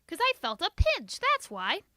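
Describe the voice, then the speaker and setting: A woman puts on a high, piercing little-girl voice for a bossy, dramatic first grader in a storybook reading. The voice leaps wildly up and down, bright and sharp, always on the edge of shrieking. It sounds close and dry, with no room behind it. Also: wildly swooping pitch, a little slow, no echo, exaggerated voice. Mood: panicked. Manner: shrieking, melodramatic outbursts. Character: excitable loud little schoolgirl, dramatic and stubborn.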